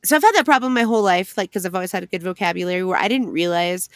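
A young woman with a lowish voice chats casually on a podcast, swearing freely and keeping the talk lively. The sound is dry and close, with no room around her. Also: rapid-fire, no room sound. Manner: swears freely, animated and chatty. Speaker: podcast co-host. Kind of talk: casual chat.

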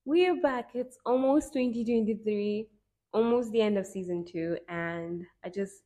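Slow, musing woman podcast host. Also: medium pitch, a little mellow. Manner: reflective, drawn-out, self-mocking. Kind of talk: casual solo podcast talk.

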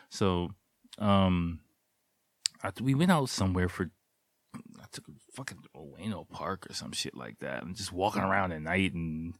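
A man's voice: sits low, no echo, studio quality. A man in his thirties casually telling a rambling, profane personal story, full of fillers and restarts. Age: 30s. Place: living in Japan.

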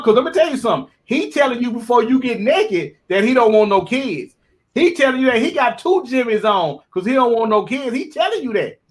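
High-voiced animated joking man. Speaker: co-host. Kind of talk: casual live chat.

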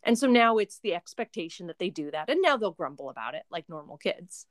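A woman's voice: on the low side, very animated, fairly quick, dry recording. Young woman, mother as interview guest, chatty and rambling, dry close-miked sound. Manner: chatty, rambling, frequent fillers and restarts. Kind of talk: casual interview chat.

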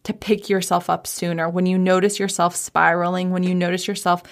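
A woman speaks in a relaxed, chatty way, with a gravelly, fry-tinged edge. She sounds like a coach sharing habits, upbeat and informal. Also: fairly low pitch, brisk. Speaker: business coach. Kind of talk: casual mindset talk. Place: home office.

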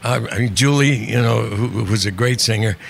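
An older man telling show-business anecdotes in a relaxed interview, wry and conversational, acting out the people he quotes. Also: fairly low pitch, fairly quick, gravelly. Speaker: guest, comedian. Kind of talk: storytelling interview chat.

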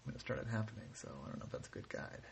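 A man's voice: mid-range voice, big pitch swings, very fast, vocal fry, a little hiss or hum. A man voicing a worried, grateful client in a bedtime story, hesitant and rambling. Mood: relieved. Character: worried, grateful man cursed to shrink things.

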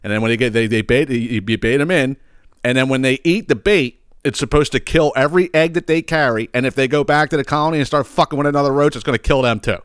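A man ranting through a comedic solo podcast story, swearing freely and looping back with fillers. His voice sits at an ordinary pitch, recorded dry and close with no room sound. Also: fast, clear, resonant tone, no room sound. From Philadelphia area. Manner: rambling, profane storytelling with frequent fillers and sidebars. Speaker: podcast host. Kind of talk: casual comedic monologue.

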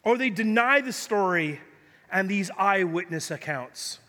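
A male pastor preaching a sermon in a lively, joking storytelling way, in a large church hall. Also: sits high, a little slow. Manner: energetic, jokey storytelling preacher. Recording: long church hall reverb.

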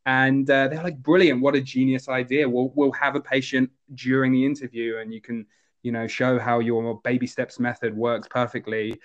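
A man co-hosting a casual movie discussion, talking in a relaxed, rambling way. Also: medium pitch, normal speed, lo-fi sound. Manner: relaxed, rambling with fillers and restarts. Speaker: podcast co-host.

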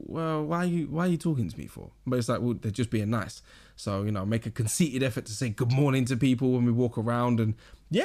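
A young man with a southern English accent hosting his own podcast in a rambling, casual chat full of slang and restarts. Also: medium pitch. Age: young adult. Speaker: podcast host.

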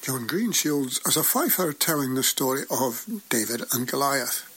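A man's voice: medium pitch, animated, normal speed, a bit bright, breathy edge. A man presenting a radio show, introducing records in a plain, informative manner. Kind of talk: radio announcing.

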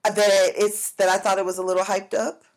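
A woman's voice: mid-range voice, level tone, normal speed. A young woman from Africa co-hosting a podcast, chatting candidly and casually with plenty of slang. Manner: candid, slangy, laughs easily. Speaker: podcast co-host. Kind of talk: casual chat.

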